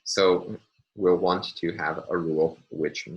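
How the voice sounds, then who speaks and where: A man's voice: deep voice, fairly even intonation, takes it slowly, dull audio, a little hiss or hum. A man lecturing on linguistics over slides, careful and self-correcting, with frequent ums and uhs.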